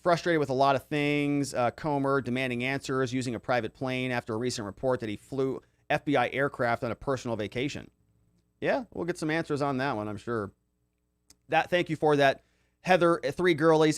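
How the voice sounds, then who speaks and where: Man, livestream host, casual commentary, lively pitch, dry close sound. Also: a little fast, no room sound. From Arizona. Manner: animated, conversational, many fillers. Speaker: livestream host reading chat.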